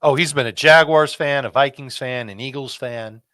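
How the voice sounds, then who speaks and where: A man breaking down fantasy football picks in casual chat, measured and dryly teasing. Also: medium pitch, sharp tone, dry recording.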